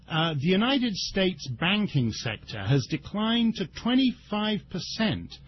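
British talk-radio guest host, high voice, mocking, muffled broadcast sound with faint hiss. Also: male voice. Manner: mocking, rambling with searching pauses. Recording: dull lo-fi radio broadcast audio.

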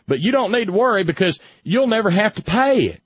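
A man putting on a mocking folksy redneck voice, high and drawling, over dull lo-fi audio. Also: expressive, a little fast, breathy edge, no echo. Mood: mock solemn. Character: folksy rural Southern-sounding man, mocking caricature.

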